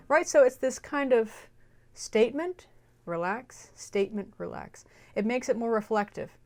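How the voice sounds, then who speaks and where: In this music lesson with sung examples, a young educator first explains a melody, then sings brief phrases to demonstrate. She has an expressive, medium-pitched voice and speaks at a normal speed.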